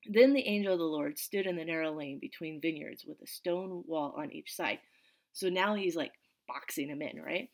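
A woman's voice: low-pitched, normal speed. Chatty woman teaching a Bible lesson. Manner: chatty, animated, full of "like" and "right?".

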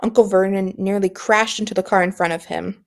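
A woman reads a novel aloud in a steady, even storytelling manner. Her pitch sits at an ordinary middle height for a woman. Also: fairly quick. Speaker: audiobook reader.

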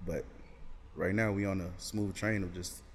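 A man's voice: deep voice, little pitch movement, moderate pace, a little hiss or hum. A young man, a college student, chatting on a podcast about making videos, telling stories loosely with many "like"s and acting out his friends. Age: young adult. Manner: laid-back storytelling with lots of "like", acts out his friends. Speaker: guest, sketch video creator. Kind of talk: casual podcast chat.

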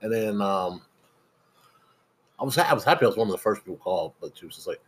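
Young male co-host, casual storyteller, animated delivery with voiced-out quotes. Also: low voice, fast talker, a little hiss or hum. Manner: animated storytelling, acts out quotes, swears freely. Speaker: podcast co-host. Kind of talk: casual chat.

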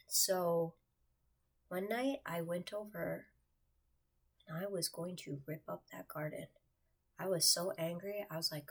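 A woman with a lowish, husky voice and a gravelly edge, speaking earnestly straight to her viewers. She tells a personal faith testimony in a confiding tone and often sinks into a hushed whisper. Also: measured pace, long pauses. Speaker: churchgoer sharing a faith testimony.

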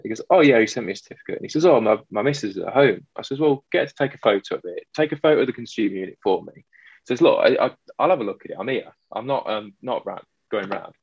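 An electrician tells a story from the job in a loose, chatty way, playing both voices of the exchange as he goes. His voice sits low, with a gravelly, husky grain. It comes through a dry, dull, lo-fi recording. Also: fast talker, dry recording. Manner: animated storyteller acting out both sides of a dialogue. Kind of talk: casual chat, telling a work story.

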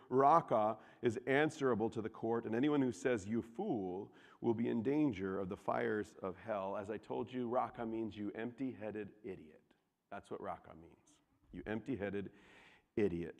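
Man preaching with big swings in volume. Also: on the low side. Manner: animated storytelling, swinging from loud to hushed. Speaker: pastor. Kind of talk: sermon. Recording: long hall reverb.

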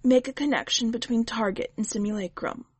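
A woman voicing a shrewd, wry witch who speaks patiently and gently, like a teacher, in a storybook reading. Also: a little high, fairly quick, breathy edge, no echo. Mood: teacherly.

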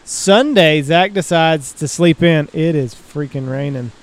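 A man's voice: on the high side, unhurried. A man co-hosting a podcast, trading teasing, wry banter in a casual chat. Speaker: podcast co-host.

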